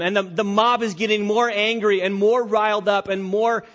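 A man preaches with a high, ringing voice, pressing each point through repetition and rhetorical questions. The recording is dull and lo-fi, like an old church tape. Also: fairly even intonation, moderate pace, hardly any pauses, a bit bright. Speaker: pastor. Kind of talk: expository sermon.

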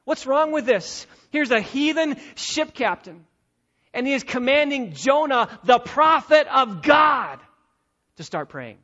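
A man preaching an expository sermon, emphatic and repetitive, swinging between loud and quiet. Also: very high voice, sing-song, a little slow, dull audio.

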